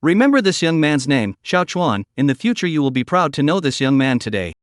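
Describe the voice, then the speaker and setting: A man's voice: fairly high pitch, very animated, fairly quick, no echo, studio quality. A man voicing an arrogant young male cultivator who talks down to everyone and calls himself "this young man.". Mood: haughty.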